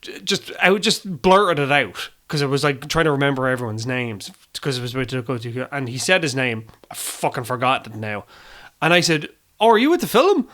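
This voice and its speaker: A man's voice: medium pitch, normal speed, bright, forceful tone. Irish male podcast host, loose self-deprecating delivery, profane and rambling. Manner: rambling, swears freely, self-deprecating, many fillers. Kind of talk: casual film review chat.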